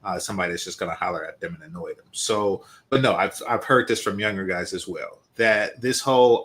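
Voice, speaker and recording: A man's voice: fairly low pitch, a little fast, hardly any pauses, a bit bright. A man in his forties hosting casual, opinionated commentary and speaking directly to his viewers. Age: 40s. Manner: conversational, opinionated, addressing viewers. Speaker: host.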